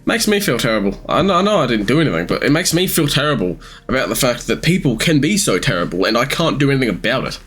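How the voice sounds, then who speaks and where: An eighteen-year-old Australian man rambling through casual gameplay commentary with halting ums, sounding sleepy. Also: medium pitch, very animated, a bit bright, husky. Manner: rambling, halting, many ums, sometimes swears. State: sleepy, yawning. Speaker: gamer streamer.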